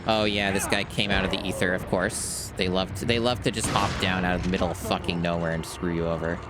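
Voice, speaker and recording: A man's voice: sits low, fairly even intonation, fast talker, over loud music. A man streaming a playthrough of a game, talking casually in a dry, self-deprecating way and swearing often. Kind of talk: casual gameplay commentary.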